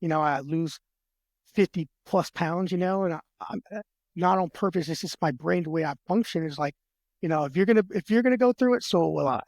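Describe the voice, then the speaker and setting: A man's voice: a little high, a little mellow, no room sound, clean studio sound. A man, a military veteran, telling his personal story as a podcast guest, earnest and heartfelt, with frequent restarts and repeated words. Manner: earnest, heartfelt, retells conversations in quick back-and-forth.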